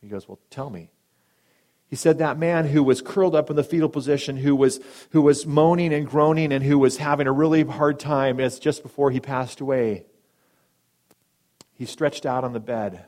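A man preaching a sermon and telling a story, dramatic, swinging between loud emphatic lines and hushed soft ones, briefly acting out the people in it. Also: medium pitch, moderate pace. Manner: acts out quoted speakers in brief voices.

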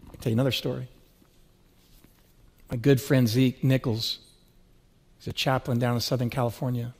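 A man's voice: medium pitch, darkish tone. A middle-aged man preaching a sermon, telling stories with rising, swelling emphasis. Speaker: pastor.

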